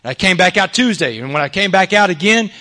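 A man's voice: high voice, animated, fast talker, pushed and bright. A man from Texas with a Southern accent telling his life story to an audience, emphatic, tossing in "man" and "y'all". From Texas, USA.

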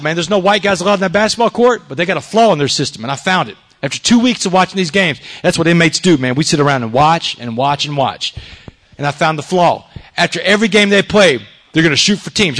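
Recounting his life to an audience, this Texan talks fast in a high, fairly bright voice. His Southern accent comes through as he stresses his points and sprinkles in "man" and "y'all."

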